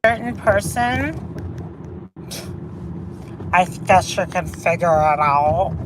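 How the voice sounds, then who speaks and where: Slow, profane woman telling a grudge story. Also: on the low side, animated, background noise. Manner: drawn-out, profane retelling. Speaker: livestreamer telling her side. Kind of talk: slow storytelling on a live stream.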